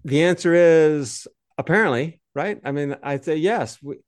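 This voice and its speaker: Dry, mid-pitched man explaining scripture. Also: measured pace, no echo. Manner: explanatory, translates Greek on the fly, loose fillers. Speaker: podcast co-host, Bible teacher. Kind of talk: conversational Bible study.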